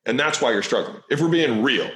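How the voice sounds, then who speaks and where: A man talking bluntly and quickly in a casual interview over a video call, peppering his talk with "like" and "right?". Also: medium pitch, expressive, a bit bright. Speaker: business guest being interviewed. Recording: echoey video call audio.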